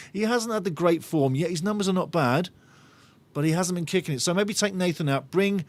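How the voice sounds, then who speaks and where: A middle-aged man hosting a live football watch-along, chatting and bantering as he reads out viewer comments with a jokey, sarcastic streak. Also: on the high side. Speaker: fan channel host of a match watch-along. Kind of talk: live-stream chat and match talk.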